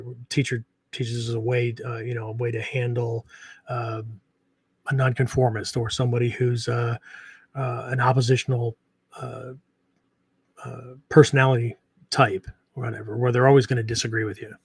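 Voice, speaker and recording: A man's voice: mid-range voice, husky, no echo. A man hosting a martial arts podcast, talking casually in a rambling way with many fillers, restarts and tag questions. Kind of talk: casual unscripted talk.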